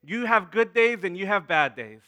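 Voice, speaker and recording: Bright-voiced pastor in his thirties. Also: sits high, expressive, normal speed. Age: 30s. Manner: repeats words, calls out to the congregation. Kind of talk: sermon with prayer.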